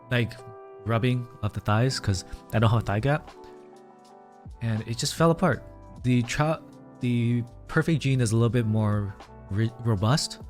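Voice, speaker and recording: A man streaming live from a small room, chatting casually and rambling to his viewers, a little out of breath. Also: mid-range voice. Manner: chatty, rambling, talks to chat as "fam".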